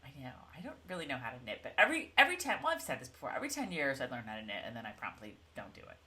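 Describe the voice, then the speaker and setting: A woman's voice: very deep voice, wildly swooping pitch, rapid-fire, sharp tone. A woman co-hosting a casual TV recap chat, telling the story with lots of energy and acting out the characters' lines. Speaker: podcast co-host.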